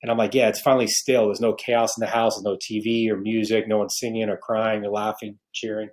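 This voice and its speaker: A man's voice: fairly low pitch, flat delivery, brisk. A man in his forties from New York, a podcast guest, telling an emotional faith story with many restarts. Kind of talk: earnest faith testimony.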